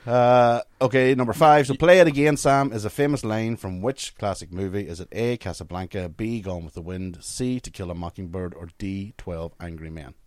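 A man with a lowish voice, reading quiz questions aloud and trading laughs and swears with his co-host. The sound is dry and close, with no room around it. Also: normal speed, hardly any pauses, dry recording. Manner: swearing, laughing, joking banter.

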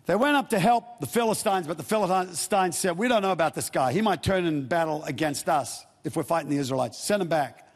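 A man with a slightly raised, husky voice preaches a sermon. He retells an old story in plain, casual modern words. His voice rings out with the long reverb of a large hall. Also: on the high side, a little fast, hardly any pauses.

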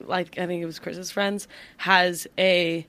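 A woman's voice: fairly low pitch, flat delivery, takes it slowly, fairly bright tone, dry recording. A woman in her early twenties chats on a podcast, stacking fillers as she talks and poking fun at herself. The sound is dry and close on a studio mic. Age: 20s. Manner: chatty, filler-heavy, self-deprecating. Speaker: podcast co-host. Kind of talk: casual chat.

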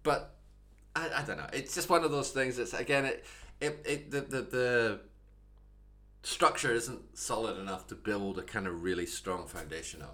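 A Scottish man talks through a story on a casual podcast, pointing out its flaws and circling back with frequent restarts. His voice is bright and lively. He sounds thoughtful rather than angry. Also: mid-range voice, moderate pace. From Scotland. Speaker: podcast co-host.

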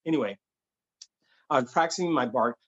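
A man spins a comic story in a stand-up storytelling style, slipping into voices as he acts out the people in it. His voice is husky and a little breathy. The recording sounds somewhat dull and muffled. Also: medium pitch, moderate pace, a bit bright. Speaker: stand-up comedian.

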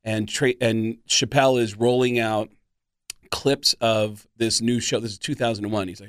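Animated man telling comedy stories. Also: on the low side, normal speed, smooth, no echo, clean studio sound. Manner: animated storyteller who acts out quotes. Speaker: guest comedian. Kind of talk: storytelling on a radio show.

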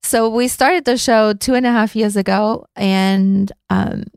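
A woman's voice: mid-range voice, fairly even intonation, unhurried, smooth, no echo, clean studio sound. A woman from Austria hosting a casual podcast, chatty and talkative with easy fillers. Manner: chatty, warm-hearted, with fillers. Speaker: podcast host.

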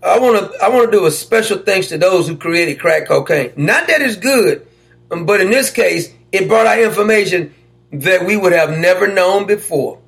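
Gravelly high-voiced male talk host. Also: animated, normal speed, fairly bright tone. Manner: mocking, sarcastic, often laughing. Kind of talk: opinionated political commentary.

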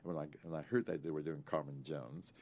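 Gravelly, very low-voiced man in his eighties. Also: fast, slight background noise. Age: 80s. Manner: animated storyteller, laughs between stories. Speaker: actor guest. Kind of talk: rambling anecdotal interview.

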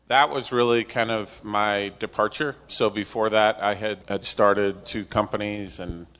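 A middle-aged man with a fairly low voice talks through his past as an interview guest. He tells it like a story, self-deprecating, and he livens up when he acts out what people said. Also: in a large hall. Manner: self-deprecating, animated when recounting dialogue. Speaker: interview guest, company executive. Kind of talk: conversational storytelling.

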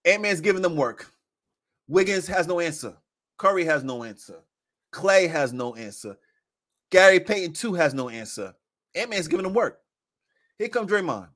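A man in casual sports podcast chat, animated and laughing, acting out quotes as he talks basketball. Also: sits high, moderate pace, long pauses.

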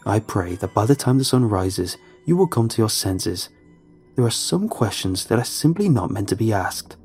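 A man's voice: fairly low pitch, sing-song, normal speed, a little mellow, faint music behind. A man voicing a cold, stern father in a horror story, speaking in a hollow hiss. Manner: hissing, stern.

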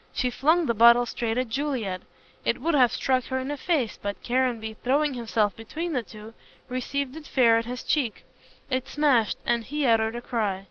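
A woman narrating a novel as an audiobook reader, with an even, measured delivery. Her voice sits fairly high. The recording sounds dull and lo-fi. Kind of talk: reading a novel aloud.

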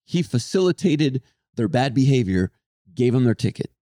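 A young man on a podcast tells a story with lots of energy, swearing freely and raising his voice to play people who shout. His voice is middle in pitch. It sounds close to the mic in a dry room with no echo. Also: normal speed. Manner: animated, swearing, acts out shouting people in a raised voice. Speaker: podcast co-host. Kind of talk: casual storytelling chat.

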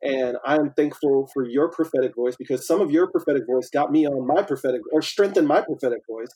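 An earnest man speaks as a podcast guest, his voice dark and mellow with a husky edge. He talks in an animated, conversational way and laughs often. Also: medium pitch, a little fast, poor audio. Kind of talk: casual conversation.

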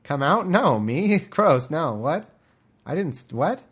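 A flustered, evasive man who stammers, backpedals and keeps piling on quick denials, his pitch leaping up and down as he squirms. A man puts him on, raising his voice well above his own. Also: sing-song, a bit bright, slightly rough, full character voice.

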